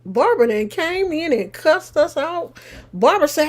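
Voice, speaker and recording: A woman live streaming and chatting casually with her viewers, teasing and sassy, breaking into loud laughs. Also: high voice, sing-song, moderate pace.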